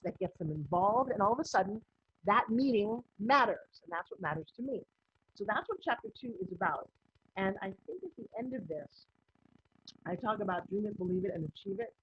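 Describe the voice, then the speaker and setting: A woman business coach giving a recorded online course lesson in a lively, conversational way, acting out bits of dialogue. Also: mid-range voice, normal speed, slight background noise. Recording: slightly muffled lo-fi audio.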